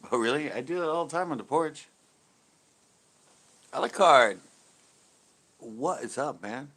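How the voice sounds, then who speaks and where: A man's voice: mid-range voice, lively intonation, fairly quick, fairly bright tone. A man co-hosting a live stream, rambling and laughing through casual jokey chat.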